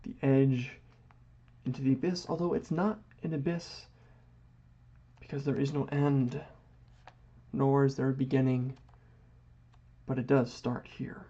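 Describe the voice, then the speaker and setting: A man's voice: mid-range voice, flat delivery, a little slow, long pauses, warm tone. A man rambling through a philosophical monologue while he doodles, drifting into mock-grand phrasing. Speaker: vlogger. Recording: dull lo-fi audio.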